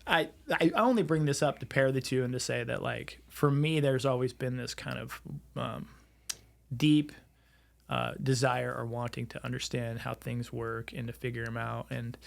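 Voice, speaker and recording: Gravelly-voiced man telling his story. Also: mid-range voice, steady tone, normal speed. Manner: rambling storyteller, many fillers and restarts. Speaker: podcast guest, real estate entrepreneur. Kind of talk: casual podcast conversation.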